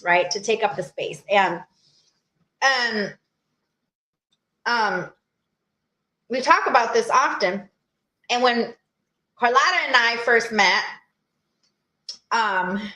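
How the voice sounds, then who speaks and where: A woman's voice: fairly high pitch, sharp tone, reverberant. A woman co-hosting a podcast over a video call, talking in an earnest, encouraging way and laughing easily. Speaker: podcast co-host. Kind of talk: casual chat.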